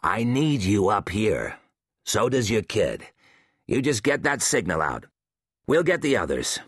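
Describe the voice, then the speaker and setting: A man's voice: on the low side, sing-song, unhurried, husky, dry recording, clean studio sound, heavily acted. A man voicing a tough male station chief, a marine biologist who barks orders in a raised, clipped voice. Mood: firm.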